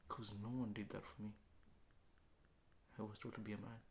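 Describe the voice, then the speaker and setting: Low-voiced man, hushed confession. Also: flat delivery, slight background noise. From Kenya. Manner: slow, reflective, often sinking to a hushed whisper. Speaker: vlogger. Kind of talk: late-night confessional monologue. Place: apartment indoors.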